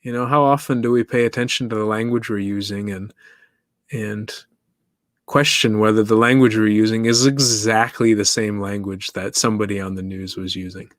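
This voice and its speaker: A man's voice: fairly low pitch, steady tone, normal speed, dry recording, studio quality. A man hosting his own podcast, talking alone in a loose, musing way, laughing often and putting questions to his listeners. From East Africa. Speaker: podcast host. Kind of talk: casual solo monologue.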